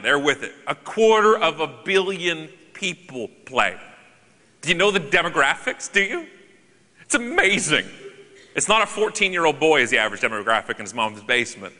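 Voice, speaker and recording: A man giving a conference keynote to a live audience, joking and animated with sarcastic asides, on a stage microphone in a large hall. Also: high-pitched. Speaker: keynote speaker. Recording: long hall reverb.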